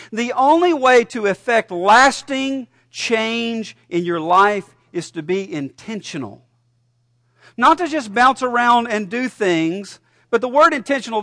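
Man, pastor, sermon, high voice, animated storytelling, dry recording. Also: no echo. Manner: animated storyteller who shouts punchlines. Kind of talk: sermon with a joke told.

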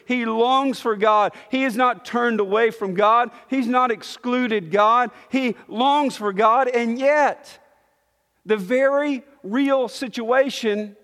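A high-voiced man, a bit bright in tone, preaches a sermon slowly and deliberately, explaining scripture earnestly like a teacher. He often restarts his phrases as he builds to a point. Long reverb carries his voice, as in a large church hall.

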